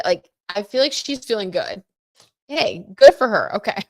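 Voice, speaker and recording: A woman's voice: mid-range voice, animated, normal speed, no room sound, clean studio sound. A woman hosting a tarot livestream, chatty and giggly, talking straight to her viewers. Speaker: tarot reader, livestream host. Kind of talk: casual livestream chat, tarot reading.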